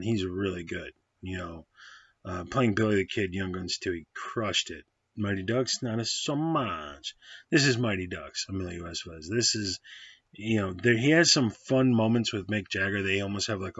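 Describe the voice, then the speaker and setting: A low-pitched, husky man talks through a movie review in a loose, rambling way, correcting himself and swearing bluntly. The recording is dry and slightly dull, like a lo-fi home setup. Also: a bit bright, dry recording. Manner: rambling, digressive, with frequent fillers and self-corrections; blunt and profane. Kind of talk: casual spoken movie review.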